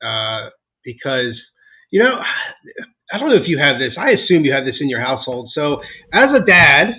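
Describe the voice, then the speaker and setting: A man co-hosting a casual podcast about being a dad, venting in an animated way, with swearing and laughter. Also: mid-range voice, normal speed, phone-quality sound. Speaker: podcast co-host. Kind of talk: casual chat.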